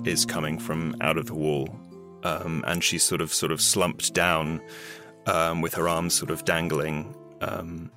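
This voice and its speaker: Deep, slow male player; hesitant backstory narration over guitar music. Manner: hesitant, full of fillers and restarts. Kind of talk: narrating a character backstory in a tabletop game.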